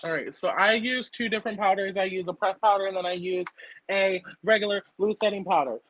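A young woman chatting casually as she walks through a makeup tutorial on camera, full of fillers and quick to burst out laughing. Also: mid-range voice, slight background noise, poor audio. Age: young adult. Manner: chatty, filler-heavy, breaks into loud laughter. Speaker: makeup artist guest. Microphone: laptop or phone camera.

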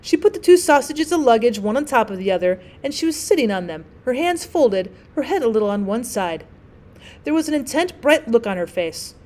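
A woman's voice: on the high side, very animated. Woman reading a classic story aloud. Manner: clear, measured storytelling with gentle voices for characters. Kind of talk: audiobook narration.

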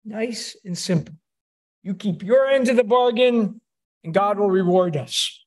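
A man's voice: high-pitched, unhurried. A man, a rabbi, giving a conversational sermon in a synagogue, telling wry stories. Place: synagogue sanctuary.

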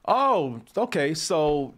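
A man with a fairly high pitch speaks extremely slowly on a casual talk show. As a podcast host telling a story, he's animated, restarts often, swears frequently, and acts out both sides of the conversation.

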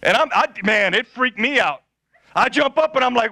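A male pastor telling a funny story in a sermon, animated and laughing often. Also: very high-pitched, a little fast, dry recording.

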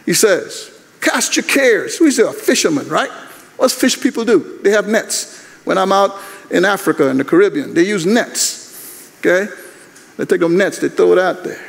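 An older man preaching a sermon in an animated, conversational way. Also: sits high, normal speed, vocal fry. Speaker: guest preacher. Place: large university chapel. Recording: long chapel reverb.

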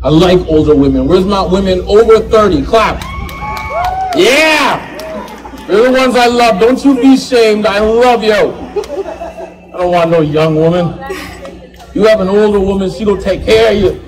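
High-voiced stand-up host man. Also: unhurried, pauses often, a faint crowd, low-quality recording. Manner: loud, playful, laughs through lines. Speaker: comedy show host. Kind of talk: stand-up comedy. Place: live comedy show. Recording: live show with audible audience.

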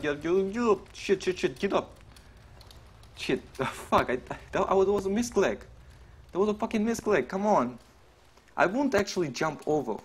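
A man streaming a role-play game, commenting excitedly, swearing and laughing as he plays at his computer. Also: mid-range voice, slightly rough.

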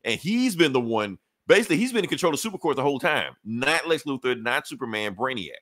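A man's voice: mid-range voice, big pitch swings, fast, a bit bright, dry recording, studio quality. A man co-hosting a podcast, casually retelling a comic book plot with profane slang and acting out the characters' lines. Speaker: podcast co-host reviewing comics.

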